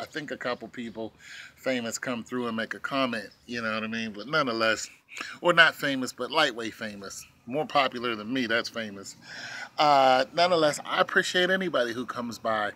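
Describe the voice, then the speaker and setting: A man ranting casually in a vlog from his porch, animated and mocking, often laughing. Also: medium pitch. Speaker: vlogger. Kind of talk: casual opinion rant.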